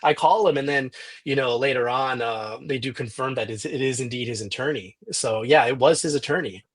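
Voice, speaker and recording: Husky-voiced man telling a story. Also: medium pitch, fairly quick. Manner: animated retelling with frequent restarts and quoted dialogue. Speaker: podcast guest, journalist. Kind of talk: storytelling in a podcast interview.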